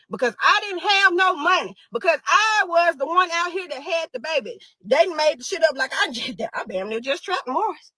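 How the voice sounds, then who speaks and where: A woman's voice: high voice, bright, forceful tone, no echo, low-quality recording. A young woman speaking out as a grieving mother, raw, angry and exhausted, swearing and repeating herself. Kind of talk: emotional monologue to camera.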